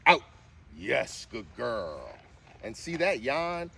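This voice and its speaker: A man's voice: big pitch swings, takes it slowly, creaky, bright, forceful tone, husky. A man filming a casual vlog while training his service dog, mixing firm short commands with chatty explanations. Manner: firm short commands, with high sing-song cues.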